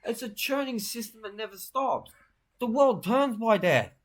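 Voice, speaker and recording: A man's voice: very high voice, animated. Brash rambling man. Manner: brash, crude, rambling, fast-talking boasts. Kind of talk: rambling comic monologue.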